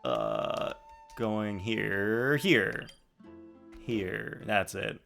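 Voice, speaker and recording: A man streaming a game, chatting casually and excitably with his viewers. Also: fairly low pitch, extremely slow, gravelly, soft background music. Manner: excitable, jokey, reacting to chat. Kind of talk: casual live-stream chat.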